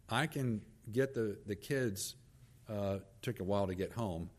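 Man preaching through a family story. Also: lowish voice. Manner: storytelling, acts out quoted dialogue. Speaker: pastor. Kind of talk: sermon with personal story.

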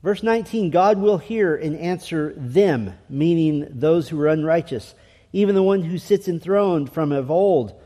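A man preaching with a mellow, slightly raised voice and earnest, emphatic delivery. He leans on rhetorical questions and scripture readings. The sound carries a long reverb, as in a large hall. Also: on the high side, unhurried. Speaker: pastor. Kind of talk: sermon.

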